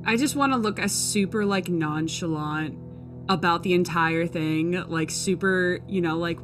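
A woman's voice: lowish voice, a little slow, faint music behind. A woman playing a tabletop game, hesitant and chatty with many fillers. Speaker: player. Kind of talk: casual tabletop play.

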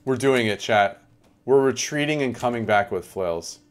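A man's voice: medium pitch, normal speed, faint music behind. A young man giving chatty live game commentary, talking to his chat as he plays. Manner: chatty, animated, talks to chat. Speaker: streamer.

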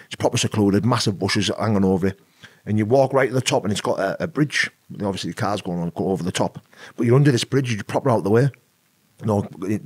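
Fast-talking husky British man. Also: on the low side, no room sound, studio quality. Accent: British English. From Britain. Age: adult with an eleven-year-old son. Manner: rambling, peppered with "you know what I mean". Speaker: podcast guest. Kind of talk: casual storytelling.

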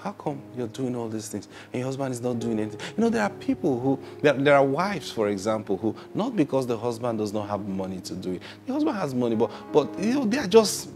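A man preaching a sermon who asks rhetorical questions, repeats his phrases and acts out what people say. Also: medium pitch.

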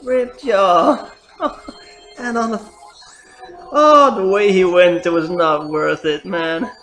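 Woman, let's player, gameplay commentary, swearing outbursts, slow pace, mid pitch. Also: a bit bright. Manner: cursing and crying out at the game. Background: faint game music.

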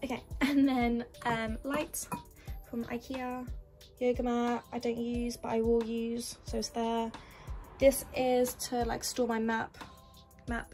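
A woman's voice: on the high side, flat delivery, slow pace, darkish tone. A young woman casually narrating a tour of her university bedroom, chatty and listing things one after another. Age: young adult. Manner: chatty, listing items as she goes. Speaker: vlogger giving a room tour. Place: student bedroom in university housing. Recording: music playing under the voice.

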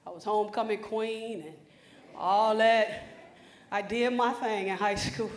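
Speaking a little slowly, a woman motivational speaker uses a medium pitch with fairly even intonation. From a conference hall stage she gives students an emphatic, preacherly talk directly to them, and the hall is echoey.

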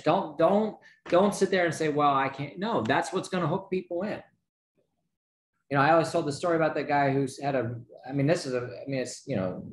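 Energetic man giving a sales pep talk. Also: fairly high pitch, reverberant, slight background noise. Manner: energetic, pep-talk delivery with rhetorical questions and frequent "right?". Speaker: sales trainer. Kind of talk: motivational sales training talk.

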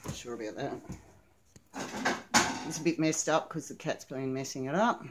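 A woman giving a casual home video tour of her collection, naming the items one by one in a halting way. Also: a bass voice, heavy background noise.

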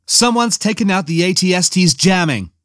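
A sharp, clipped young woman agent who gives orders, voiced by a man in a raised register for an audiobook. Every line comes out demanding and curt. The recording is dry and close. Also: high-pitched, expressive, moderate pace, dry recording, voice pushed up. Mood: commanding.

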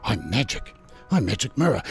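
A man's voice: lowish voice, big pitch swings, normal speed, gravelly, soft background music. A man voicing a boastful, sly male magic mirror in a spoken horror fairy tale.

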